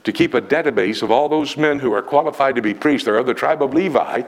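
A man's voice: mid-range voice, quick pace, voice pushed up, close to an everyday voice. A man voicing an earnest rabbi who explains temple preparations in a matter-of-fact, confiding way. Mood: explaining.

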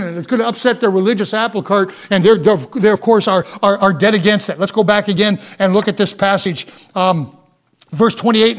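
High-voiced man preaching with fervor. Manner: impassioned preaching with repeated words and rising emphasis. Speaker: pastor. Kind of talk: sermon.

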